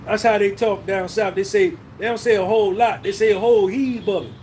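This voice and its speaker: A man hosts a loose livestream chat, rambling and cursing freely as he reminisces and answers viewers by name. His voice sits high for a man, and a faint hiss runs underneath. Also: fairly even intonation, a little fast, a little mellow. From New Jersey. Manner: rambling, profane, reminiscing, reading out chat names. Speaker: podcast host.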